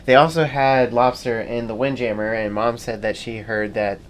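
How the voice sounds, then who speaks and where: A man's voice: mid-range voice, steady tone, moderate pace. Easygoing man chatting on a family vlog. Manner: easygoing, rambling with fillers. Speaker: family vlogger. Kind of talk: casual vlog chat. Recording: faint background noise.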